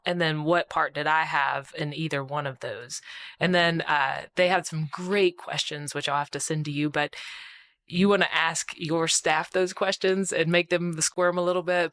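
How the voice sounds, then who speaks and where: A woman who owns a clinic, speaking as a panel guest in a brisk, practical way and laughing between points. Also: low voice, fairly bright tone, no echo. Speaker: clinic owner and healthcare executive. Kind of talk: casual panel chat.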